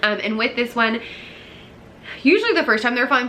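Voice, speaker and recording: A woman's voice: on the high side, animated, moderate pace, sharp tone, a little hiss or hum. Woman music teacher chatting about lessons. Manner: acts out classroom dialogue, drops to whispers, sings snippets. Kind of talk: casual teaching vlog.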